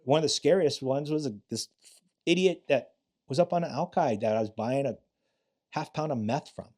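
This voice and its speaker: A man's voice: medium pitch, moderate pace, darkish tone. A man in his late fifties, a retired police officer, telling blunt, profane stories in a casual interview and acting out the quotes.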